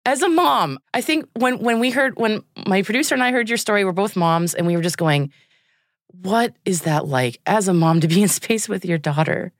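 A woman's voice: mid-range voice, expressive, normal speed, no room sound, studio quality. A young adult woman hosting a podcast, asking questions in an effusive, rambling way full of "like" and "you know". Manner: warmly effusive, rambling with fillers. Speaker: podcast host. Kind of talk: interview questions.

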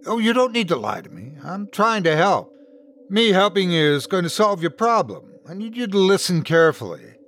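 A man's voice: sits high, very animated, a bit bright, a little hiss or hum, pitched above the performer's own voice. A man doing a pushy scam caller. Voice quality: brisk, insistent salesman patter. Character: pushy male scam caller, insistent and smooth.

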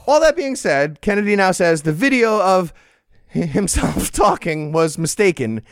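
A man's voice: high voice, very animated, a little slow, clear, resonant tone, no room sound, studio quality. A man co-hosting a comedy news podcast, reading quotes aloud with sarcastic comic emphasis. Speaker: podcast co-host. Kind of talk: casual comedic news chat.

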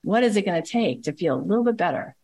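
Fast and animated, a podcast host delivers motivational, spiritual self-help talk, piling up repeated phrases in rhythmic, emphatic bursts. Her voice is fairly low and a little mellow.

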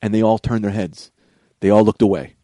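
A man co-hosting a podcast, casually telling a lively story and acting out the voices of the people in it. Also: on the low side, a little fast, no echo, clean studio sound. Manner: animated, acts out voices while telling a story. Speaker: podcast co-host.

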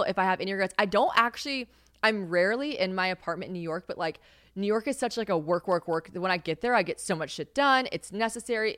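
A woman's voice: fairly low pitch, fairly bright tone, clear, resonant tone, no room sound, clean studio sound. A young woman hosting a casual solo podcast, rambling and swearing freely, laughing often. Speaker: podcast host. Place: home kitchen.

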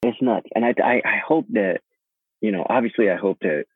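A man with a fairly low, slightly breathy voice co-hosts a casual sports podcast, speaking at a normal speed with no echo. He's easygoing and thoughtful, dropping plenty of "you know"s, and the audio comes through a tinny, phone-like line.

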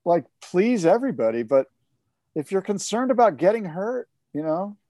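A man co-hosting a podcast, chatting casually about surfing in an animated, rambling way with many fillers. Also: high-pitched, moderate pace, dry recording, studio quality. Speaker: podcast co-host. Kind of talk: casual surf talk chat.

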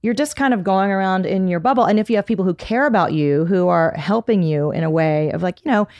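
A woman's voice: mid-range voice, fast talker, a little mellow, dry recording. A woman in her forties, a therapist, gives thoughtful advice as a guest in a casual podcast chat.

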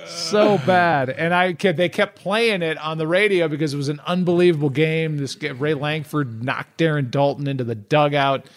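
A man's voice: a little high, moderate pace, few pauses. Joking male podcast co-host telling stories. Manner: storytelling, wry and joking. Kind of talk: casual chat.

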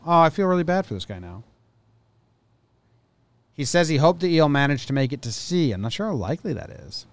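A man co-hosting a casual podcast, reading out news stories and chatting in a rambling, halting way. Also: on the high side, very animated, no echo. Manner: rambling, halting, thinks aloud. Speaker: podcast co-host.

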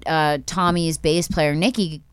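A young woman hosting her own podcast, telling family stories in an animated way, laughing and swearing freely. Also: low-pitched, measured pace, clean tone, no room sound, clean studio sound. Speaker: podcast host. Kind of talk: casual family storytelling chat.

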